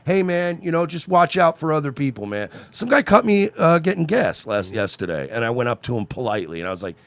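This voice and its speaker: Animated storytelling man on a podcast. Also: on the high side, fast, few pauses, no room sound. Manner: acts out quotes in exaggerated voices.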